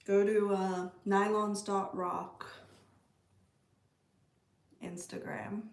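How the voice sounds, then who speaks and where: A woman's voice: medium pitch, little pitch movement, drawn-out words, reverberant. A woman from Canada hosting a casual livestream, chatting and answering viewer comments. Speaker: livestream host. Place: room at home with a pet bird.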